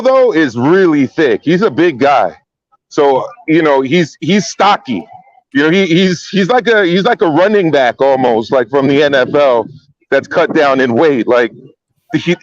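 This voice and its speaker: A man's voice: fairly high pitch, sing-song, normal speed, no echo. A man in a casual chat, joining remotely and giving a blunt, direct take while often repeating his words. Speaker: guest analyst. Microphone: remote call. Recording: dull lo-fi call audio.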